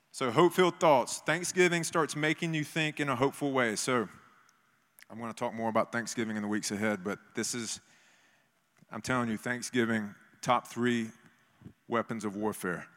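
A man preaching a sermon in an animated way, acting out voices from scripture. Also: medium pitch, normal speed. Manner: animated, acts out biblical voices. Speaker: pastor. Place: church meeting in a gym. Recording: long hall reverb.

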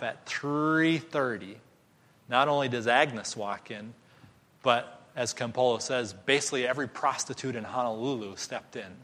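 A man preaching a sermon, telling a story with animated voices for each character. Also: medium pitch. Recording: long hall reverb.

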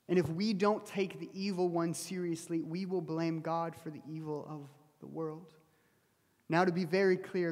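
A man's voice: a little high, long reverb tail. A man preaching a sermon, telling a story earnestly and often dropping his voice to a near whisper. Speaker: pastor.

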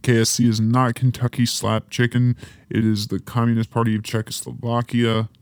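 A podcast host with a mid-range, monotone voice reads through a history timeline at a normal pace, tossing in offhand joking asides. It's a casual history rundown, recorded dry.

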